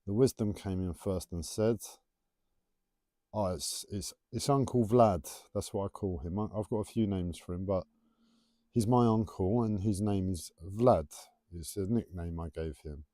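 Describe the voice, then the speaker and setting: A man talks on a solo livestream from home, drifting from one tangent to the next in a self-confessed waffle. His voice sits low and mellow, and he stumbles over his T's. The sound is dry and close, with no room echo. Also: a little slow. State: struggling to pronounce his T's. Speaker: livestream host. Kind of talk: rambling solo livestream talk.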